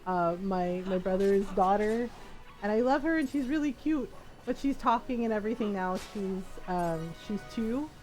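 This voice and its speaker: A woman's voice: mid-range voice, expressive, moderate pace, a little mellow, faint music behind, rough recording. A woman streaming a game, chatting casually and laughing often as she tells family stories. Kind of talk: casual storytelling while playing a game.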